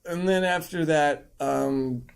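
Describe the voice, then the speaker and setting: A man's voice: a little high, slow, vocal fry, clear, resonant tone. A drunk young man giving a rambling, crude comic summary of a book, full of fillers.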